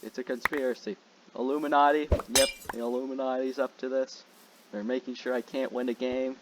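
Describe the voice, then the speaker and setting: A young man giving casual gameplay commentary as a channel host, jokey and excitable, shouting when frustrated. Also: mid-range voice, fairly quick. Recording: loud background noise.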